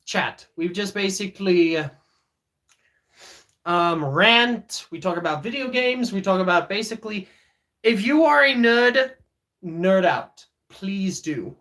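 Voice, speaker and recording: A man's voice: high-pitched, lively intonation, slow pace, pushed and bright. A man, streaming live in casual chat, joking and teasing viewers as he reads their messages aloud. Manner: many fillers and restarts.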